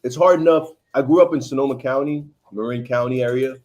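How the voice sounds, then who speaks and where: Man, 30s, from Haiti, livestream host, casual and talkative, mid pitch. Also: fast, a little mellow, dull audio. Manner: chatty, reads viewer comments aloud.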